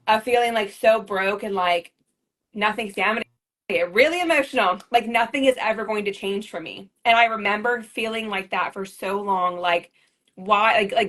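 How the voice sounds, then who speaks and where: Woman, 30s, MLM leader on a livestream, rambling and emotional, medium pitch. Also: brisk, a bit bright. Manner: rambling, repeats herself, emotional.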